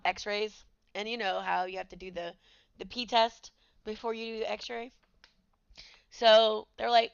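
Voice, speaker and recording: A woman's voice: on the high side, gravelly, a bit bright, clean tone, dry recording, muffled recording. A woman in her thirties hosting a podcast, telling her own story in a candid, conversational way. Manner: candid, conversational, with many fillers. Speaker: podcast host. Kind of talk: personal storytelling.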